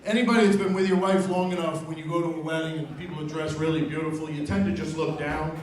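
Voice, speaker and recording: A man's voice: on the high side, fairly even intonation, fast talker. A man doing a dry stand-up set in a small pub, teasing the crowd. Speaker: stand-up comedian. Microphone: far handheld camera. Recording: echoey pub from a far camera.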